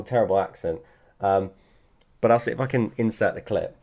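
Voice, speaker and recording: A man's voice: on the low side, brisk. A man talking casually about his card collection, rambling and repeating himself with many fillers. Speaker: sports card collector vlogger. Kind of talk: casual chat.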